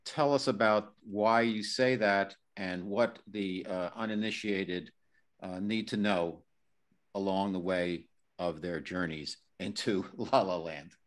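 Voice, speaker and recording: A male podcast host asking the guest halting, filler-filled questions. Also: low voice, steady tone. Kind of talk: interview questions.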